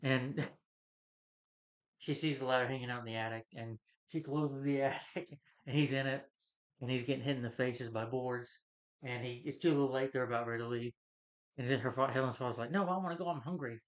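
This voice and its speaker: A man's voice: mid-range voice, flat delivery, fairly quick, dull audio. A man casually retelling a film's plot in a rambling way as a movie reviewer. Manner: rambling, acts out quotes from the film.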